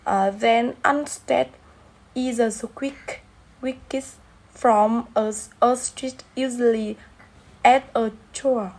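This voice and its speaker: Young woman, slow halting reading, class presentation. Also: fairly high pitch, fairly even intonation, rough recording. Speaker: student presenter.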